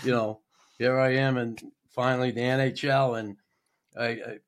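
A man's voice: medium pitch, little pitch movement, moderate pace. A man hosting a podcast, asking questions in an easygoing way with frequent affirmations. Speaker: podcast host. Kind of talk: casual chat.

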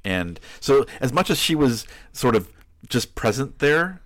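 A man co-hosting a casual book discussion podcast, talking in a halting way with frequent restarts. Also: medium pitch, big pitch swings, a bit bright, dry recording. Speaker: podcast co-host.

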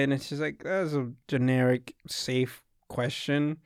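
This is casual chat from a young man telling a rambling, drawn-out story, often swearing and mimicking what people said. He speaks at a normal speed in a steady, clear, resonant mid-range voice, with clean studio sound and no room noise.

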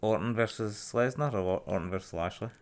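A man with a Scottish accent co-hosting a casual wrestling podcast, jokey and quick to laugh, swearing freely. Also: on the low side. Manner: jokey, animated, laughs a lot. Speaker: podcast co-host.

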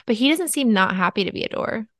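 A woman's voice: a little high, expressive, fast, a bit bright. A woman co-hosting a casual podcast, asking skeptical questions and chiming in with short agreements. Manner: skeptical questioning, frequent backchannels. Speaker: podcast co-host. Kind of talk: casual chat.

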